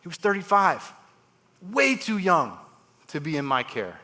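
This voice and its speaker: A man's voice: on the high side, unhurried. A man giving a storytelling talk on stage as a transplant surgeon, acting out the voices of his patients. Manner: animated, acts out patients' voices. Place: large live event hall.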